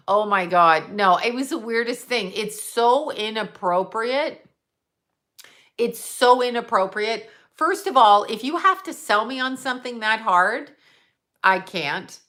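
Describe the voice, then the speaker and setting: A woman hosting a casual livestream, telling rambling, animated stories with blunt, profane asides. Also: medium pitch, measured pace. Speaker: psychic medium livestream host. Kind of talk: casual live-stream chat.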